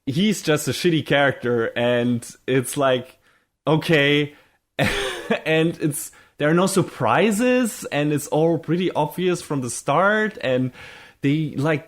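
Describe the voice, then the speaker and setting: Rambling man with lots of fillers. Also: on the high side. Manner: rambling, many fillers, swears casually. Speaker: podcast co-host. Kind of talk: casual chat.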